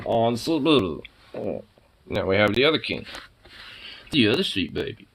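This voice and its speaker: A man talks to his pets at home in a casual, swear-laden, teasing way. He sounds fond underneath the insults and slips into soft baby talk. His pitch swings widely from line to line. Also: animated, slow, creaky, pauses often. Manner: playful teasing with frequent swearing. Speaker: pet owner talking to his cats.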